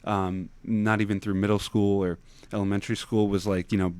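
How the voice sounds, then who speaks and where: Halting, laughing young man. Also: lowish voice, level tone, darkish tone, smooth. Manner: halting, repeats words, laughs easily. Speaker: podcast guest. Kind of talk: casual interview chat.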